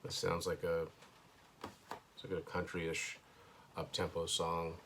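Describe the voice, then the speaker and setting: A man with a very low voice talks through an album as he hears it, thinking aloud. His delivery is casual and hesitant, with dry little asides, and a faint hum sits behind him in a home room. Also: monotone, takes it slowly, a bit bright. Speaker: host. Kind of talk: casual first-listen album commentary. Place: indoors at home.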